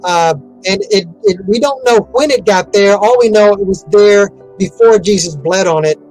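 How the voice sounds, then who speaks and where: A man's voice: high-pitched, normal speed, darkish tone, soft background music, low-quality recording. A man giving an interview in a casual, rambling way, with many fillers and restarts. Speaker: interview guest.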